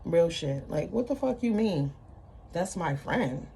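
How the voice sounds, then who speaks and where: A woman's voice: low voice, brisk, a little mellow, slightly rough. A woman ranting bluntly to her viewers in an unscripted vlog, with heavy profanity, emphatic repetition. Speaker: vlogger.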